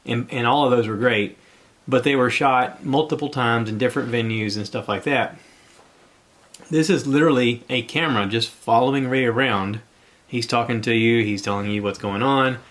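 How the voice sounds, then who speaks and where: A man's voice: medium pitch, moderate pace, fairly bright tone. A man hosting his own podcast, talking alone in a rambling, conversational way and sounding a bit out of breath. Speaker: podcast host. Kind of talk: solo podcast monologue.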